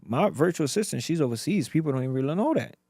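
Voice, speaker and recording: A man from Africa, a guest entrepreneur in a casual podcast interview, telling stories in a slangy, animated way with lots of repetition. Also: on the high side, quick pace, breathy edge, dry recording, studio quality.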